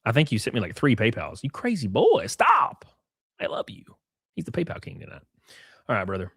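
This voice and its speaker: A man's voice: medium pitch, fairly quick, breathy edge, dry recording, clean studio sound. A man hosting a live stream, reading tweets aloud with sarcastic, profane commentary and calling everyone "brother". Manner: animated, sarcastic, profane, keeps saying "brother". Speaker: streamer host.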